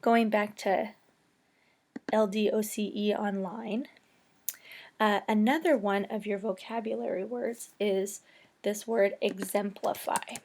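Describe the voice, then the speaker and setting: A woman's voice: medium pitch, fairly even intonation, slow pace, darkish tone. A woman teaching English vocabulary and grammar in a screen-recorded tutorial, explaining patiently step by step.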